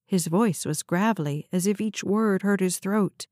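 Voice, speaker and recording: A woman narrating a novel in a steady, even storytelling read, close to the mic. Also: medium pitch, a little slow, hardly any pauses, no echo. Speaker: audiobook narrator. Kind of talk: scripted narration.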